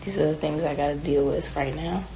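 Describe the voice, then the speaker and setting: A woman's voice: sits low, steady tone, fairly quick, gravelly, mellow, slight background noise. A young woman chatting casually on a livestream at home, rambling and swearing freely as she reads viewer comments aloud. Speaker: singer on a livestream. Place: home, indoors. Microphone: phone.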